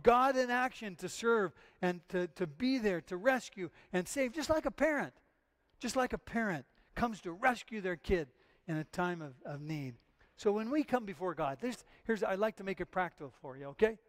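A man's voice: high voice, animated, normal speed. A male pastor preaching a sermon in an earnest, emphatic way, often repeating his phrases.

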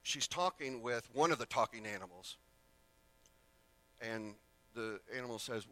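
A man's voice: lowish voice, normal speed, pauses often, bright, forceful tone. A male preacher giving a sermon in a casual way, with rambling asides and self-corrections.

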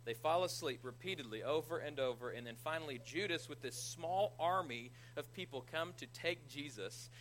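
A man preaching a conversational sermon as a pastor, retelling scripture with animated energy and self-deprecating humor. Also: on the high side, a little hiss or hum, low-quality recording.

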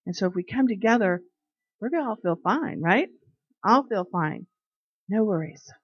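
A woman's voice: medium pitch, expressive, moderate pace. A woman giving a casual, chatty faith talk, telling everyday stories and acting out what people said. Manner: chatty storyteller who acts out quoted people. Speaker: devotional speaker. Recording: dry, slightly dull recording.

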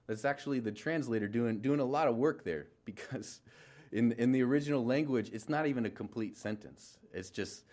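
A young adult man preaching a relaxed, conversational sermon, full of fillers, restarts and asides. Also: medium pitch, brisk. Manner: informal, filler-heavy, many restarts and trailing asides. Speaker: pastor.

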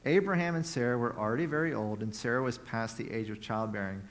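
A man's voice: mid-range voice, fast talker. A man preaching a conversational sermon, retelling a Bible story with playful asides.

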